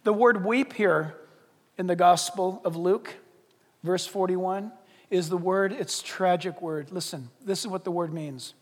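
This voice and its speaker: A man preaching a sermon from a church pulpit, dramatic, dropping from loud bursts to hushed words. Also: high voice, unhurried. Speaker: pastor. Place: church sanctuary. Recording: long reverb of a large hall.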